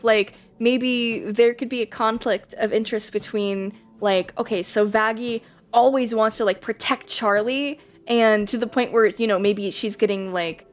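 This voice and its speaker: A young woman streaming from home, chatting casually and rambling with lots of fillers and giggles. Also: a little high. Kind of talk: casual live-stream chat.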